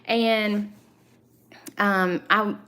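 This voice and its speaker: A woman in her thirties chats on a casual live stream in a thick Southern accent. She rambles, with frequent ums and self-corrections, and her pitch sits in a comfortable middle range. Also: fairly even intonation, drawn-out words, sharp tone. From Southern United States. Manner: chatty and rambling, many fillers and self-corrections. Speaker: channel host.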